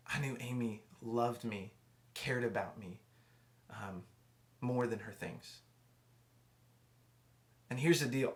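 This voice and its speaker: A young adult man giving a youth sermon, telling a personal story conversationally with many restarts and dropping quiet for emotional moments. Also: medium pitch. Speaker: youth pastor.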